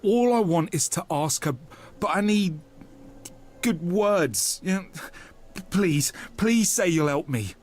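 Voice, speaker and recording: A bashful, lovestruck young man in a video game, speaking. He stammers and trips over his words, his voice swinging up and down in pitch, lifting high whenever he gets flustered. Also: expressive, slow, a little mellow, full character voice. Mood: earnest.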